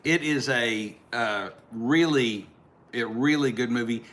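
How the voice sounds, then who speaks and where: A middle-aged man co-hosting a casual talk show, relaxed and chuckling. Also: medium pitch, takes it slowly. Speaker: co-host. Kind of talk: casual chat.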